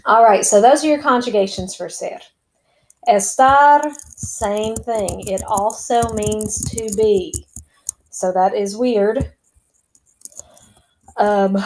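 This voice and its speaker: A woman's voice: mid-range voice, darkish tone, slight background noise, low-quality recording. A woman teaching a recorded lesson to her students, explaining step by step in a chatty way as she types. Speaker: Spanish teacher. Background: keyboard typing and clicks.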